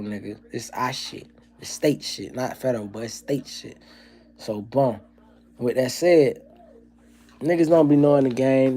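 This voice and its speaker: A man's voice: medium pitch, warm tone. Profane, ranting man on a livestream. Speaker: livestream host. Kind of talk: casual livestream chat and comedy.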